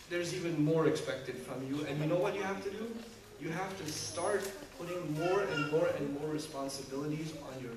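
A high-voiced man preaches with animated energy, breaking into acted-out quotes and laughter. His voice rings around a large echoey hall, picked up from some distance, with a steady background hum. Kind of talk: sermon to a congregation.

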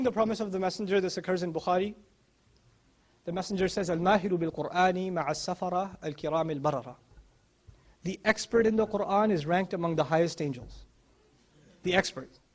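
High-voiced man giving an emphatic religious talk. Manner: emphatic, repeats key phrases. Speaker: Islamic speaker.

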